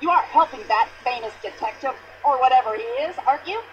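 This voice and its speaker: An actress playing a pushy, indignant older American widow in a mystery video game, complaining at length in a shrill voice. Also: female voice, expressive, fast, lo-fi sound, slight background noise. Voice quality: shrill, complaining, long-winded.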